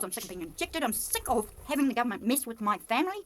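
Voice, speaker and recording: A woman's voice: big pitch swings, very fast, few pauses, a little hiss or hum. Agitated woman with a New Zealand accent. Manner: agitated, accusatory, swings between low muttering and loud outbursts. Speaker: vlogger. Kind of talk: impassioned monologue to camera.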